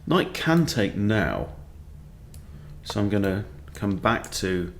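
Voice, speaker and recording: A man's voice: fairly low pitch, big pitch swings, slow, a little hiss or hum. Man muttering through a chess game. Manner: thinking aloud, muttering moves to himself. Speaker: chess coach. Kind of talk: live game commentary.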